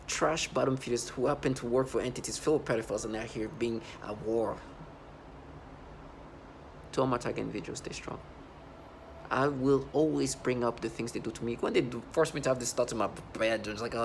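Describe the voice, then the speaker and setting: A man delivering an agitated, repetitive monologue for a video, swinging between low muttering and loud outbursts. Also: brisk, gravelly, slight background noise. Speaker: vlogger.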